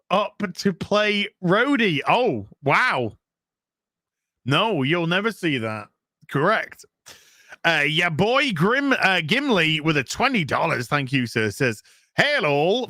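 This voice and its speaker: Brief: male streamer, animated reading of chat donations, bright tone, dry mic. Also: high-pitched, dry recording. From England. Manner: animated, chatty, reads donor messages aloud. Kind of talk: casual live stream chat.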